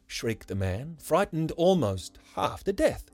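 A man narrating a rhyming story in a measured, lyrical way. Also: mid-range voice, expressive, darkish tone, dry recording. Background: faint music.

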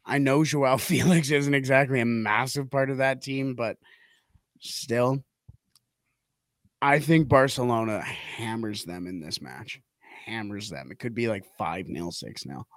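A man's voice: medium pitch, no room sound. A man co-hosting a casual football podcast, rambling through his picks with many restarts and repeated words. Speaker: podcast co-host. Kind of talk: casual sports betting chat.

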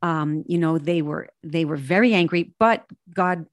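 A woman, a guest in an interview, telling a story in a casual, animated way and acting out the voices of the people in it. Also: low-pitched, unhurried, no echo, clean studio sound. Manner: animated, acts out quoted dialogue. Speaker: guest, ministry president.

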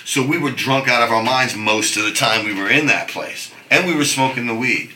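A middle-aged man telling stories in casual chat, animated, swearing and restarting his sentences. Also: medium pitch, moderate pace, echoey room, rough recording. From New York. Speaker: guest.

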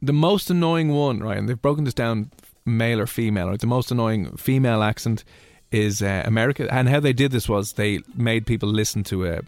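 A man from Ireland co-hosting a radio show, chatting casually and joking with quick asides. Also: medium pitch, a little mellow, no room sound, soft background music. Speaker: radio co-host. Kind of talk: casual chat.

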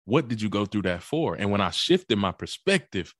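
Young man, low voice, dry close-mic sound; animated, punchy storyteller for a personal testimony. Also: normal speed, dry recording. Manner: animated, punchy storyteller, rising high for tense moments. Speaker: guest speaker.

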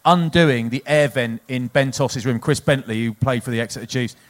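A former rugby player co-hosting a casual chat, telling jokey stories about tour pranks. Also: male voice, medium pitch, normal speed. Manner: lively storyteller, jokey.

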